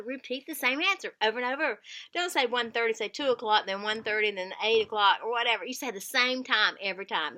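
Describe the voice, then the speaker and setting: A woman's voice: fairly high pitch, pushed and bright. A middle-aged woman, giving earnest caregiving tips in a casual vlog and repeating words for emphasis.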